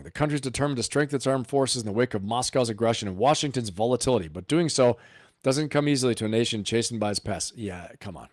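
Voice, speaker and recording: A man's voice: mid-range voice, dry recording, clean studio sound. A man hosting a live stream of political commentary, emphatic and riffing, firing off rhetorical questions.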